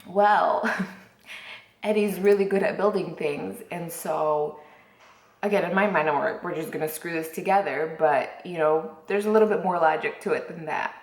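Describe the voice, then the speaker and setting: A woman's voice: lowish voice, normal speed, roomy sound. A woman vlogger chatting casually to camera, rambling with lots of fillers and restarts.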